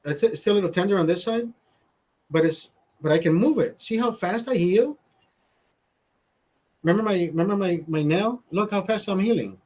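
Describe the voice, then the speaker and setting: A man's voice: high-pitched, moderate pace, pauses often, darkish tone. Cursing, rambling man on a live stream. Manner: profane, rambling, self-interrupting. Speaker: livestream host. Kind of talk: casual storytelling to live chat.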